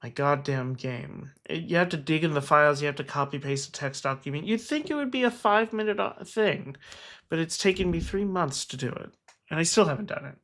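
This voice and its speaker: A man's voice: on the high side, animated, a little fast, fairly bright tone. A man hosting his own game stream in casual chat, earnest and talkative, with wry jokes at his own expense. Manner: earnest and chatty, with wry self-mocking jokes.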